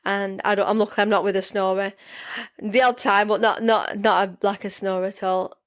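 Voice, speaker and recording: A woman's voice: mid-range voice, fairly even intonation, moderate pace. A woman in her forties, hosting a casual solo podcast, chatting in a rambling way with many restarts, sleepy and yawning. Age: 40s. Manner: rambling, chatty, frequent restarts and "yeah" fillers. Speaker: podcast host.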